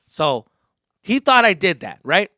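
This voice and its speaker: Animated, swearing high-voiced man. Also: a little slow, no echo, clean studio sound. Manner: animated, profane, lots of fillers. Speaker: podcast host. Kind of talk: casual storytelling.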